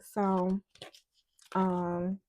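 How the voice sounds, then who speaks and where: A woman tarot reader chatting in a casual vlog, telling a story in an animated way with many asides. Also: mid-range voice, drawn-out words, dry recording.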